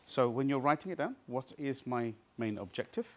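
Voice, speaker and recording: A man's voice: medium pitch, expressive, normal speed. A man runs a live workshop for a small group, his voice rising and falling in wide swings. He talks to them directly and keeps checking that everyone follows along. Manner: interactive, keeps checking with the audience. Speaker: seminar trainer. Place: seminar room with a small group.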